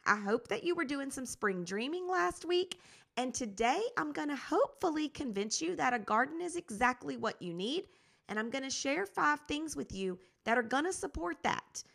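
A woman's voice: high-pitched, lively intonation, moderate pace, creaky, fairly bright tone. Upbeat woman hosting a gardening podcast. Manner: upbeat, encouraging, conversational. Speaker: podcast host and garden coach. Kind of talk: casual podcast talk.

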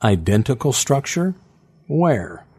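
A man with a husky voice voicing an impatient, defiant woman artist, asking sharp, incredulous questions in a storybook reading. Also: mid-range voice, big pitch swings, takes it slowly, full character voice.

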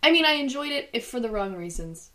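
A young woman co-hosts a casual movie podcast, her voice sitting a little high. She tells stories with lively animation and laughs often. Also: fast talker. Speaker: podcast co-host. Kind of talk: casual movie-review chat.

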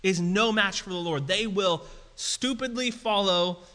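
Bright-voiced man preaching in a hall. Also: high voice, measured pace. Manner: casual preaching with animated emphasis. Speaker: pastor. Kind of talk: sermon. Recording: reverberant hall.

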